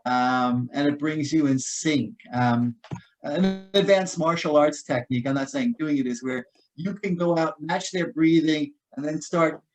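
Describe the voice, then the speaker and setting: A man with a slightly higher voice gives a relaxed, unscripted talk on staying safe. He rambles a little, restarting sentences and scattering "you know" and "um" as he explains. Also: measured pace, faint music behind, poor audio. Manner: casual, many fillers and restarts. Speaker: guest speaker on personal safety. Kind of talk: informal talk.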